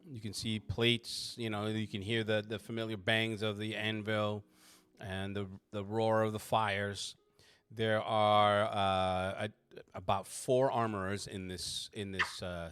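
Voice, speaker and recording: A man's voice: lowish voice, fairly bright tone, clear, resonant tone. A man narrating as game master in a tabletop game, in a loose, casual, rambling way.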